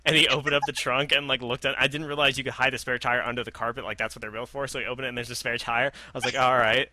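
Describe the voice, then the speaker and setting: A young man in casual conversation, telling awkward stories about himself with wry humor. His voice is very bright and sharp. It is recorded close and dry. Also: mid-range voice, little pitch movement, very fast, dry recording. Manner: wry, laid-back storyteller with awkward humor. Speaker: podcast co-host. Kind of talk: casual chat.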